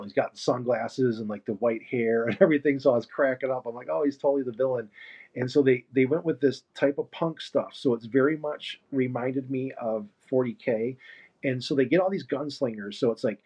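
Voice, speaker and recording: Casual male streamer, husky voice, muffled lo-fi mic, rambling chat. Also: medium pitch, fairly quick, darkish tone. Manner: rambling, easygoing, laughs often. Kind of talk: casual chat while painting.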